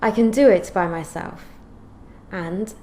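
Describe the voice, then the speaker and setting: A woman teaching an English grammar lesson, explaining clearly and reading out example sentences in a measured way. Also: medium pitch, mellow, slight background noise.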